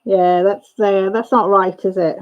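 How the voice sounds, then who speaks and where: On a lo-fi recording, a woman hosting a livestream chats casually with her viewers, trading gossip and laughing often. Her voice is medium in pitch with fairly even intonation, and she speaks unhurriedly.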